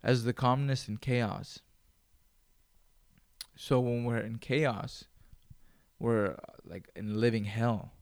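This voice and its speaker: A man's voice: mid-range voice, fairly even intonation, slow pace, creaky, pauses often. Male solo podcast host, casual, swears constantly, rambles. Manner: profane, rambling, loose.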